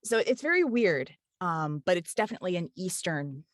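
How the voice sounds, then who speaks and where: A woman with a lowish voice and an easygoing Southern lilt talks through an interview in a loose, chatty way, full of little fillers. The sound is dry and close, with no room around it. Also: big pitch swings, normal speed, no room sound. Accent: Southern US cadence. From Kentucky. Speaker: audiobook narrator and voice actor. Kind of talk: casual interview chat.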